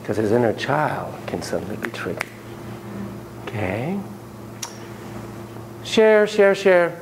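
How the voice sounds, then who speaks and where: A man lecturing a class, telling stories in an animated, playful way and acting out sound effects. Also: medium pitch, slow pace, creaky, noisy background.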